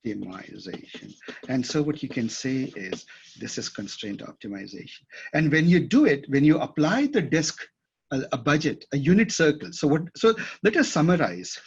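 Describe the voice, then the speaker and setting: A man's voice: mid-range voice, big pitch swings, normal speed, creaky, slightly rough. A man teaching a class at a whiteboard, thinking aloud and often checking that his students follow. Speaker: instructor. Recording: dull lo-fi classroom recording.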